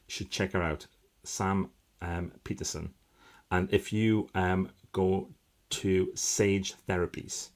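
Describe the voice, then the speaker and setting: A middle-aged man hosts a casual live stream, his voice a touch lower than most. He talks in a chatty, upbeat way, full of little fillers and sudden bursts of excitement. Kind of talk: casual live-stream chat reading out viewer comments.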